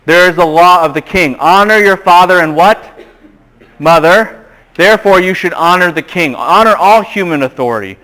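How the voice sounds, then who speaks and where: A man lecturing to a class with a somewhat high voice. He talks in an animated, emphatic way and keeps quizzing the room with fill-in-the-blank questions. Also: normal speed, low-quality recording. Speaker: seminary lecturer.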